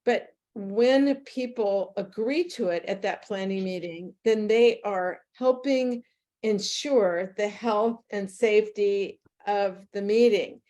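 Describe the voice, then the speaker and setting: A woman's voice: medium pitch, slow pace, warm tone. A middle-aged woman presenting a leadership workshop, chatting casually and telling stories with quoted dialogue. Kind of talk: casual talk to a group.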